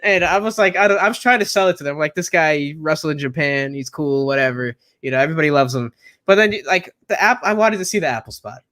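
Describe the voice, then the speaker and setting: Man, high voice, wrestling co-host, animated ranting, casual chat, says bro a lot. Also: fast.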